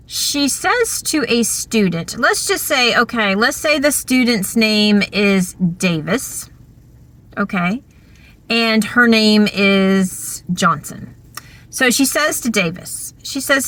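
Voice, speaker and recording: A woman telling a story to her camera, chatty and animated. Her voice is fairly high and bright. She talks slowly and drawls through her fillers. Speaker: vlogger. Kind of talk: casual storytelling.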